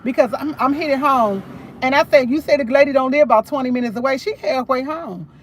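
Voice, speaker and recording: Woman, high-pitched, chatty livestream storytelling, emphatic. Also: fairly quick, a little hiss or hum. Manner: animated, emphatic retelling of a conversation. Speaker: livestream host.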